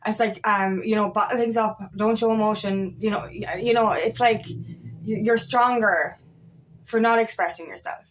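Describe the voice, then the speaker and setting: A woman's voice: mid-range voice, fairly even intonation, normal speed, a little hiss or hum. A woman working as an empowerment coach, speaking in a casual, motivational talk to camera. She is chatty and emphatic, repeats phrases, and swears now and then.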